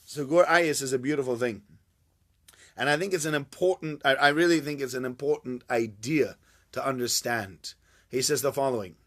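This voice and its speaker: A man's voice: on the high side, fairly even intonation, normal speed, vocal fry, fairly bright tone. A man giving an informal Torah class, chatty and joking with his listeners. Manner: chatty, jokey, banters with listeners. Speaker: Torah teacher.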